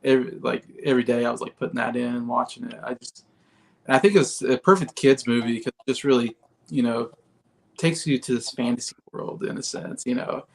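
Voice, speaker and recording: A man as a podcast guest, rambling in casual chat with many fillers and soft laughs. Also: medium pitch, fairly even intonation, fairly quick, creaky.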